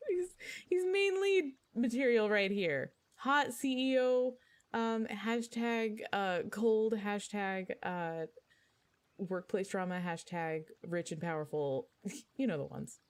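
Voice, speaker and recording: A woman streaming a story game, reacting in a playful, excitable, joking way. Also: mid-range voice, takes it slowly. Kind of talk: casual let's-play commentary.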